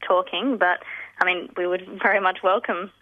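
A woman's voice: fairly low pitch, fairly even intonation, moderate pace, no room sound. A woman speaking earnestly as a campaign spokesperson in a phone interview, with fillers and restarts. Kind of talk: phone interview on community radio. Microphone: telephone. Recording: tinny phone line, dry.

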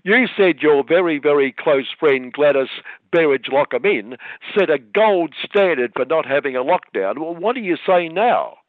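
A man's voice: fairly high pitch, lively intonation, moderate pace, no echo, close to an everyday voice. A man voicing a pointed male interviewer who presses a politician with needling questions. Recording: tinny phone-like line.

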